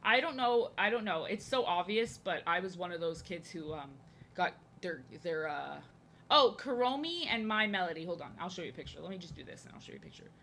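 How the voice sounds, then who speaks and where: Young woman streamer from the US, rambling art chat, bright crisp tone, slightly low voice. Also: animated, a little fast, slight background noise. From United States. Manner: chatty, rambling, self-deprecating. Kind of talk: casual rambling chat while drawing.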